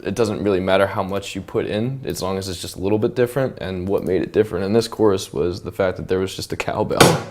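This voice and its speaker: A man's voice: low voice, quick pace. A man casually explaining how he produced a pop song, often stopping to hum and mimic sounds. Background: his song's tracks playing loudly.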